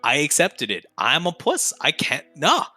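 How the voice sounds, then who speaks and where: A man's voice: fairly high pitch, wildly swooping pitch, a little slow, sharp tone, no echo. A young man, a streamer guest on a podcast, talking casually with heavy profanity and slang, laughing often.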